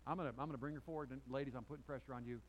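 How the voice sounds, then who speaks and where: A pastor preaching a sermon to his congregation, telling a personal story with restarts and asides, swinging from loud emphatic peaks to quiet, intense lines. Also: mid-range voice, fairly even intonation, racing, slight background noise, poor audio. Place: church sanctuary before a congregation.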